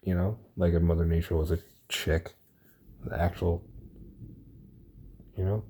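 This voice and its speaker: A young man talking alone on a casual podcast, rambling and excitable, swearing a lot as he retells a story. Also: low voice, a little slow, slight background noise. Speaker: podcast host. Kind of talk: casual solo podcast monologue.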